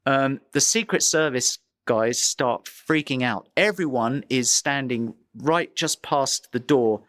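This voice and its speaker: A man at a mid pitch recounts a personal story, building suspense with pauses and vivid detail. His voice is recorded close and dry, with no room sound. He speaks as an interview guest, a photographer looking back on his work. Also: fairly bright tone, no echo.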